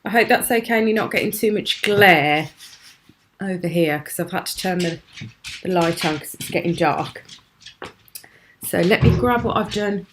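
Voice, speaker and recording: A woman's voice: fairly low pitch, moderate pace, long pauses, a little hiss or hum. A British woman hosting a live craft show from home, chatting admiringly and laughing often. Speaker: craft channel host.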